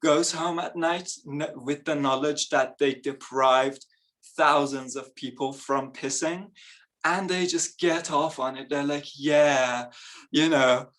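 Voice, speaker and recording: A man's voice: on the high side, fairly even intonation, unhurried, a bit bright. A young man performing a stand-up comedy set, chatty and self-mocking, laughing between his lines. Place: live comedy event on stage.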